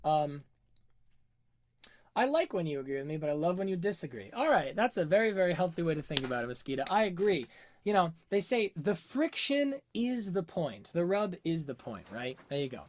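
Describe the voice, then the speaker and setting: A man talking through a song on a casual livestream, his pitch swinging freely up and down as he thinks aloud. He reads out the chat, answers it, and now and then hums a melody over a webcam setup. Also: big pitch swings, a little fast, slight background noise. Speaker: music analysis livestream host.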